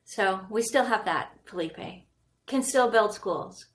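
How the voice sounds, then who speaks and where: A woman, a guest architect talking casually in a podcast interview, animated and quick to laugh. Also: medium pitch. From Canada. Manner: animated, laughs often, playful.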